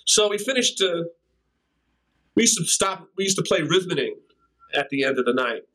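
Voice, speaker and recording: The poor audio captures an older male drummer, an interview guest, with a fairly high, expressive, sharp-toned voice at a moderate pace. He tells rambling stories casually, scatting drum patterns and laughing along the way.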